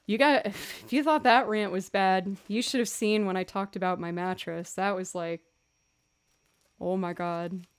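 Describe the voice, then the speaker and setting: A young woman chats with her stream viewers between songs. She tells stories in a lively, chatty way and laughs often, at a mid pitch for a woman. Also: unhurried, clear, resonant tone. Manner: chatty, animated storytelling with laughs. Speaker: livestreaming musician. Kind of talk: casual chat with stream viewers.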